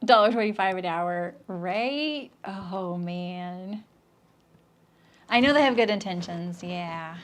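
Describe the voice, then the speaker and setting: Chatty woman hosting a live sewing stream. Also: slow pace. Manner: chatty and joking, lots of restarts, often drops into a low aside. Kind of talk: casual live-stream chat, reading comments aloud.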